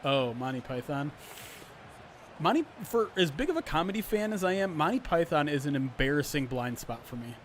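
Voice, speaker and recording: A man calling a simulated football game on a livestream, switching between animated play-by-play and chatty asides to his viewers, often clearing his throat. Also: on the high side, moderate pace, a little hiss or hum. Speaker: streamer doing play-by-play. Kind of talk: livestream sports play-by-play commentary.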